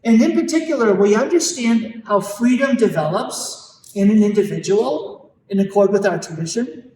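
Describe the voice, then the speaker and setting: A man's voice: sits high, dark tone, a little hiss or hum. Earnest man lecturing in echoey hall. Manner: earnest, emphatic, slows down hard on key points. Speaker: Catholic speaker on parenting. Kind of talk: live parish talk to parents. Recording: echoey hall, mic at a distance.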